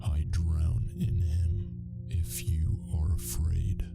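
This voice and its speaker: A deep gravelly broadcast phantom. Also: male voice, little pitch movement, exaggerated voice. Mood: eerie. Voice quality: gravelly, slow and droning. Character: creepy distorted male voice from a hijacked broadcast. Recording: distant voice over loud music.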